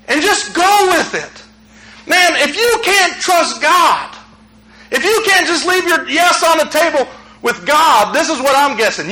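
Male pastor, high bright voice, chatty sermon delivery that builds to shouting. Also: expressive, moderate pace, rough recording. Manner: conversational preaching, rising to shouts.

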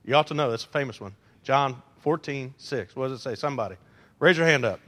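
A man preaching a sermon, animated and joking with the congregation, acting out quotes. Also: medium pitch, brisk. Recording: long hall reverb.

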